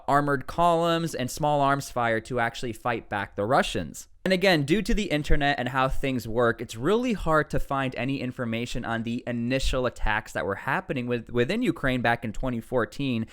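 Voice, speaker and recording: Male news commentator, mid-range voice, smooth and clean tone, casual and animated, punches key words upward. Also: medium pitch. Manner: reads out article text between remarks.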